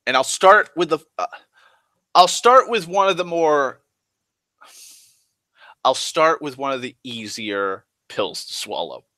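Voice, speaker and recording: Young man, rambling vlogger, bright forceful tone, dry close mic, restless delivery full of restarts and filler words. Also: on the high side, lively intonation, slow, pauses often, no room sound. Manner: rambling, restless, full of restarts and "like", swears freely, swings loud and soft. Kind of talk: rambling casual monologue.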